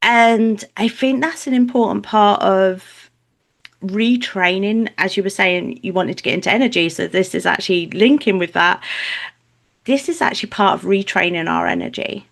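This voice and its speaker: A middle-aged woman guesting on a spiritual podcast, telling lively stories and acting out quotes in a higher voice. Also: moderate pace, vocal fry.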